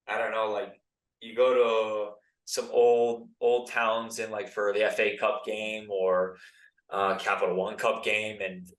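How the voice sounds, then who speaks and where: A man's voice: on the low side, fairly bright tone. American dude in his 30s telling soccer stories, super casual, lots of like and dude, sounds kinda far off and roomy. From United States. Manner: laid-back, lots of "like" and "dude". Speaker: podcast guest, former pro soccer player. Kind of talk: casual podcast storytelling. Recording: roomy, set back from the mic.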